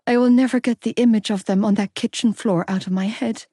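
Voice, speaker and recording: A woman narrating a romance audiobook in a steady, measured way. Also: medium pitch, no echo, studio quality. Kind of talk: scripted narration.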